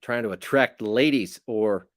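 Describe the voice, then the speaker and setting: A man's voice: lowish voice, unhurried, dry recording, studio quality. A man hosting his channel, chatting casually on a livestream in a rambling, teasing way. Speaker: channel host.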